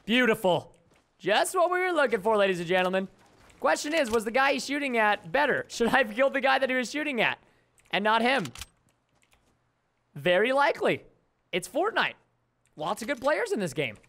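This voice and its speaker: A man's voice: very high voice, very animated, fairly quick, creaky, pauses often, bright, forceful tone. A young man giving chatty, mock-grumbling commentary while playing a video game. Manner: chatty, mock-grumbling, joking asides to viewers. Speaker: gaming YouTuber. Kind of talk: casual gameplay commentary.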